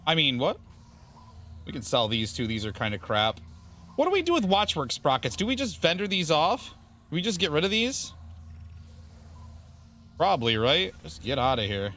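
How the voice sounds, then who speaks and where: A man's voice: fairly high pitch, wildly swooping pitch, moderate pace, pauses often, a bit bright. A man streaming a video game, chatting casually and rambling with viewers in a self-deprecating way. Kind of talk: casual gaming stream chat.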